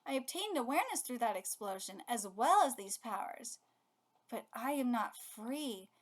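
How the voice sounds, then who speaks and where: A woman's voice: on the high side, lively intonation, moderate pace. A woman reading as a cold bloodthirsty mutant creature. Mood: menacing.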